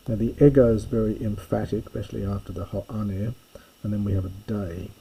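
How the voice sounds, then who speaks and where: A man giving a recorded lesson, reading and explaining a Greek text in a slow, methodical way with frequent pauses and fillers. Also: fairly low pitch, flat delivery, gravelly, dark tone, husky, poor audio. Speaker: teacher.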